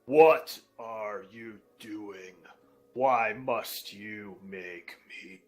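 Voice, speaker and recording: A man voicing a menacing, unseen voice that booms slow and deep through a tomb.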